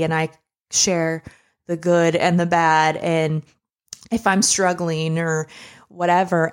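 A woman's voice: lowish voice, clear, resonant tone. A young woman co-hosting a podcast, telling a personal story in a candid, emotional, conversational way. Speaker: podcast co-host. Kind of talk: casual chat.

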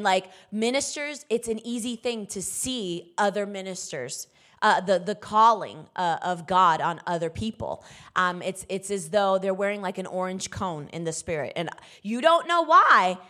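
A woman's voice: mid-range voice, a bit bright. A woman minister giving a conversational sermon, candid and emphatic, speaking straight to her listeners.

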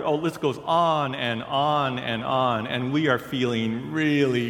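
Male preacher, deliberate storytelling sermon delivery, roomy sanctuary sound. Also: mid-range voice, creaky, a bit bright. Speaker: pastor.

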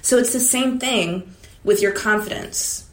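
A woman speaks straight to her viewers in a blunt, confiding way, peppering her self-help talk with swearing. Her voice sits in an ordinary middle pitch. The room around her adds a noticeable echo. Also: unhurried, a bit bright. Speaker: vlogger. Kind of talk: candid motivational talk to camera. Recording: echoey room.

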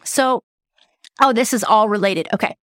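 A middle-aged woman who hosts a podcast as a medium, telling personal stories in a chatty, animated way. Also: mid-range voice, moderate pace. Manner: chatty, animated, says right and you guys. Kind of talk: casual storytelling.

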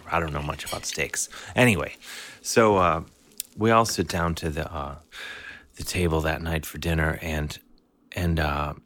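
A man's voice: a bass voice, fairly bright tone. A man in his fifties telling a family story in a meandering, wry, self-interrupting way. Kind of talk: casual storytelling.

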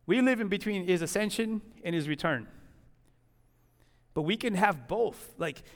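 High-voiced man preaching in a reverberant church. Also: lively intonation, normal speed. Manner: conversational preaching, fervent in prayer. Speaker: pastor. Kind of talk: sermon and closing prayer. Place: church hall. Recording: long hall reverb.

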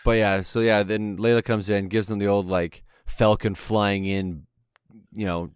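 A young Canadian-born man with a fairly low voice rambles through a show in loose chat. He fills his sentences with "like" and "yeah" and swears casually. The mic is close and dry. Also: little pitch movement, measured pace, smooth, dry recording. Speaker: podcast co-host.

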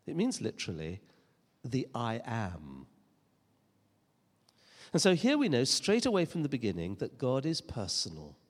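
Male preacher, earnest and emphatic, lively intonation, long church reverb. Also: mid-range voice, brisk, few pauses. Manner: earnest, emphatic preaching with rhetorical questions and dry humor. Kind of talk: sermon.

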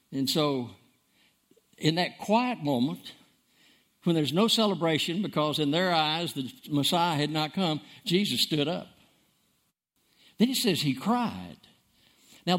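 A man preaching with a high, lively voice that climbs and dips all over. He hammers key words by repeating them and swings from loud bursts to hushed lines. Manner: emphatic, repeats words for stress, dramatic swings in loudness. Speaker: pastor. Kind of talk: sermon.

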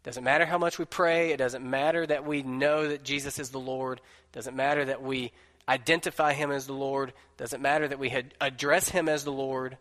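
A man's voice: medium pitch, fairly even intonation, normal speed, a bit bright. A man, a pastor, preaching an emphatic sermon to his congregation. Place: church sanctuary. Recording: long reverb of a large room.

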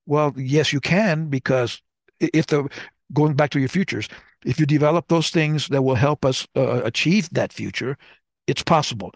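Older male co-host, gravelly voice, dry close sound, anecdotal storyteller. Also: fairly high pitch, moderate pace, no room sound. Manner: anecdotal, acts out dialogue. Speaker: podcast co-host. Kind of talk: casual conversation, storytelling.

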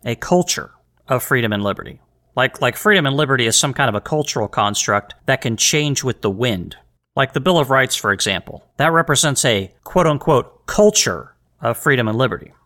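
On his solo podcast, an animated man speaks fairly quickly in a pushed, bright medium-pitched voice. Earnest and emphatic, he poses rhetorical questions and keeps repeating words and starting phrases over.

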